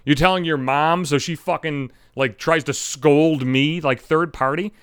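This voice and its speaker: A man's voice: on the high side, steady tone, measured pace, few pauses, smooth, no echo, studio quality. A young adult man hosting a solo podcast, ranting angrily with heavy profanity. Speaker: podcast host.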